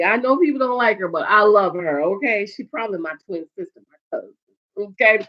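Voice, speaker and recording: A woman's voice: medium pitch, fairly quick. A woman chatting through a TV episode recap, talking straight to her viewers with exclamations and asides. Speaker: TV episode reviewer. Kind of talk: casual recap chat. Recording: dull lo-fi sound.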